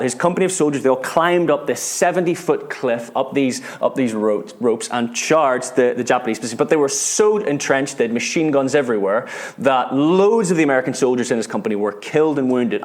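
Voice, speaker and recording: A British preacher in mid-sermon, speaking at a middle pitch for a man. He tells his story with earnest feeling, stumbling and repeating words, then sinking to a hush when the moment grows heavy. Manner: earnest, repeats words, drops to hushed tones at dramatic moments.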